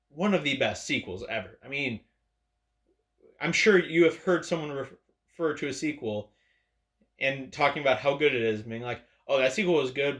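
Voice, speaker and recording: His medium-pitched voice has a bit of brightness as he sarcastically rants and swears freely at the camera. He's a man hosting an opinion video, set indoors.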